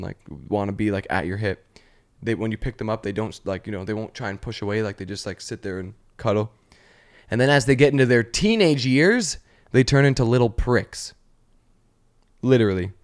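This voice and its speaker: A man's voice: lowish voice, brisk. A young man hosting a podcast, chatting loosely with many 'like's and slipping into silly voices. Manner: rambling storyteller, full of 'like', acts out voices. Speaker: podcast host. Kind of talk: casual chat.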